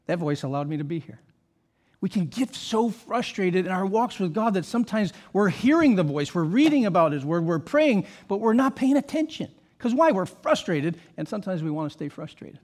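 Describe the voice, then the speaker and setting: Male pastor, high voice, emphatic sermon delivery full of rhetorical questions. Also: expressive, moderate pace, few pauses, darkish tone.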